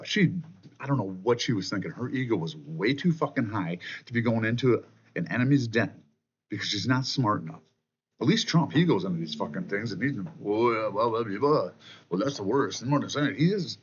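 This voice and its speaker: Sex: man. Style: profane angry rant. Quality: husky. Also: mid-range voice, lo-fi sound. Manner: profane, loud, contemptuous.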